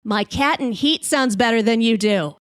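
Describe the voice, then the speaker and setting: Woman playing a snide bar heckler, insults, higher voice. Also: normal speed, no echo, studio quality, natural voice. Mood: jeering. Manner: jeering, insulting. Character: rude heckler man in a fedora.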